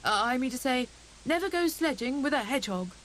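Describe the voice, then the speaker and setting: A woman voicing a boastful, excitable male hare in a storybook audiobook, with a grand, show-off delivery. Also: high voice, a little fast, slight background noise, voice pushed up, low-quality recording. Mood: pompous.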